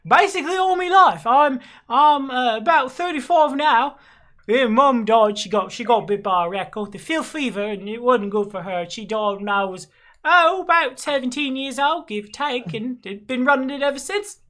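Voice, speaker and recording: A game master voicing a brash woman in her thirties who runs a tavern, talking in a gruff, blustery way that stammers when flustered. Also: sits high, expressive, moderate pace, bright, forceful tone, voice pushed up. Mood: chatty.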